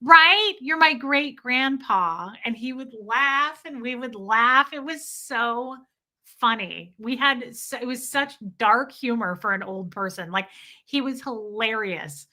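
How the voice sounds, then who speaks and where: Woman, 30s, vlogger; bright, tense tone; animated, candid storyteller who swears at times. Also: on the high side, measured pace. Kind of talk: casual storytelling to viewers.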